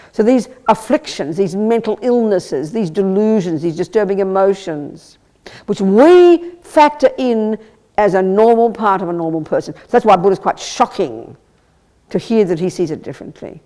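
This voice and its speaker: A Buddhist nun giving a live teaching, talking in an animated, emphatic way with rhetorical questions, wry blunt asides and stammered restarts. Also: female voice, medium pitch, normal speed. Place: teaching hall at a Buddhist centre.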